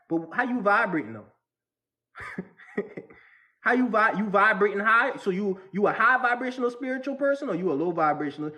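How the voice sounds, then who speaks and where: A man's voice: high-pitched, fairly bright tone. A man delivering a casual spiritual rant to the camera, slangy and repetitive, often restarting his sentences. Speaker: vlogger.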